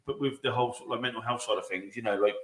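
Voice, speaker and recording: A man's voice: medium pitch, racing, crowd noise. A man chatting casually as a podcast co-host, swearing freely and acting out arguments in a rambling way. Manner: profane, rambling, acts out arguments. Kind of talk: casual chat.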